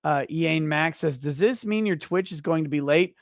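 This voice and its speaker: A man hosting a casual livestream, reading viewer donations aloud in a loud, profane, ranting way that swings between shouting and muttering, a little tipsy. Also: on the high side, moderate pace, hardly any pauses, no room sound, studio quality.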